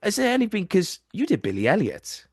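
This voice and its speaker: A man with a South Welsh accent, hosting a podcast. He explains things patiently but haltingly, with plenty of ums and restarts. His voice sounds dry and close, with no room around it. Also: high voice, wildly swooping pitch, breathy edge, dry recording. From South Wales. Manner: halting, explanatory, full of fillers. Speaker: podcast host. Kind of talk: casual interview chat.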